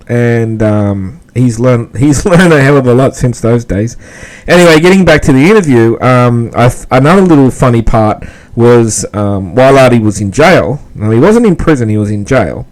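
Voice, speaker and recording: A man's voice: mid-range voice, a little mellow, low-quality recording. Rambling man hosting a podcast. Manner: rambling, many fillers and restarts, laughs easily. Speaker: podcast host. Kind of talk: casual commentary between clips.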